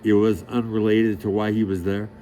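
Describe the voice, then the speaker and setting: A man's voice: lowish voice, flat delivery, normal speed, dark tone, a little hiss or hum. A middle-aged man in a rambling monologue, talking in a profane, boastful, streetwise way and losing track of his story. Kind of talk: rambling direct-to-camera monologue.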